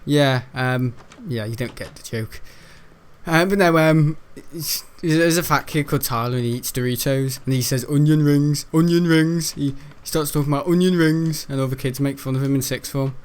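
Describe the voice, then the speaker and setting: A British man rambling through casual gaming commentary, chuckling often and jumping up in pitch when he's incredulous. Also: normal speed. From United Kingdom. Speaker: gaming YouTuber.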